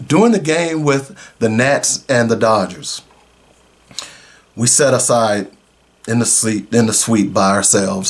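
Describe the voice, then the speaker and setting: A middle-aged man, a radio host, telling a personal story in an earnest, emotional way. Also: lowish voice. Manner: emotional, earnest, slow in places.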